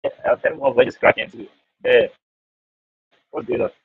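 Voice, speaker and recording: A man hosting an online trading group call from Nigeria, halting and repeatedly checking whether others can hear him. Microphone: video call. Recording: tinny phone-line call audio.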